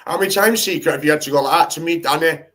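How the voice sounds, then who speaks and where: A man's voice: on the high side, rapid-fire. Rambling man hosting a livestream. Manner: rambling, animated, swears freely. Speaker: livestream host. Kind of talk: casual live-stream chat. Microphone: home streaming setup.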